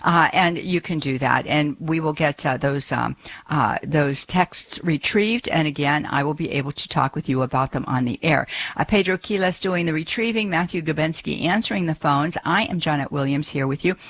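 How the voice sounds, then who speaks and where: A woman's voice: low-pitched, moderate pace, a bit bright. A woman hosting a live call-in radio show, talking in a chatty way with frequent fillers into a studio microphone.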